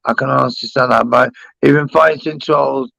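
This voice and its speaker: Gravelly man, gushing and sweary. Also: medium pitch, steady tone, moderate pace, pushed and bright, rough recording. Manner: gushing and emotional, swears a lot. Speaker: panel guest. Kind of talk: casual live-stream chat.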